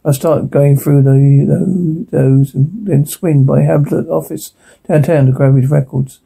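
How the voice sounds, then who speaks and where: An actor playing a blunt, cynical male police detective who swears and reasons out loud in a TV drama. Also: on the high side, steady tone, measured pace, vocal fry, slightly rough, heavily acted, rough recording. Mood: determined. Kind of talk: TV drama dialogue.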